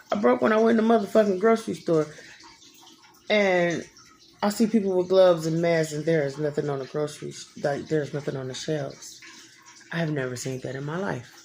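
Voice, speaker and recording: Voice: medium pitch, vocal fry, a little hiss or hum. A vlogger in their thirties telling a personal story in a casual vlog, profane and emphatic, repeating phrases for effect. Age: 30s.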